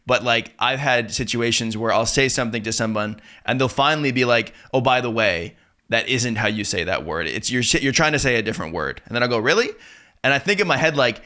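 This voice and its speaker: Bright-voiced chatty male host. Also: mid-range voice, brisk. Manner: relaxed and chatty, many "like" fillers, acts out quotes. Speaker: interview host. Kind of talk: casual interview chat.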